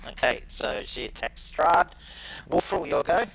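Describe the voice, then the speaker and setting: Guy running a tabletop game, gravelly voice, lots of ums, bouncy pitch. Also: a little hiss or hum, rough recording. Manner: halting, many fillers, lively. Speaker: game master.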